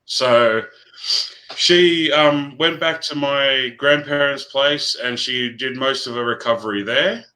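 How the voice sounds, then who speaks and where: Man, mid-pitched, bright and forceful; earnest, halting personal storyteller. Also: poor audio. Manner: earnest, halting, with frequent restarts. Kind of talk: personal storytelling in casual chat.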